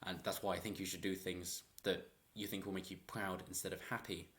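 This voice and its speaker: A man's voice: low-pitched, little pitch movement, fairly quick, a bit bright. A man giving rambling, opinionated political commentary in a vlog and chuckling often.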